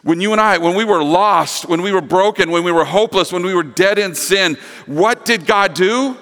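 A man's voice: high-pitched, normal speed, fairly bright tone, in a large hall. A male pastor preaching a sermon earnestly, with emphatic repetition, to a church congregation. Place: church sanctuary.

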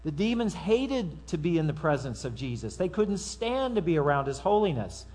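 A man's voice: on the high side, big pitch swings, normal speed, darkish tone, soft background music. A man preaching a sermon to his congregation in a conversational way, with asides and acted-out quotes. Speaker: pastor.

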